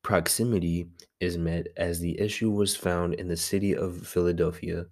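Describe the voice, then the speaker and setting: Young male student vlogger, deep gravelly voice, slangy and self-correcting. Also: fairly even intonation, moderate pace, darkish tone. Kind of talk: casual vlog working through a class assignment.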